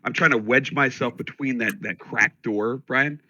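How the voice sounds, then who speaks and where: A man's voice: mid-range voice, moderate pace, pushed and bright, no echo. A man playing in an online tabletop game, talking in a hesitant, rambling way. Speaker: player. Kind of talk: casual game talk.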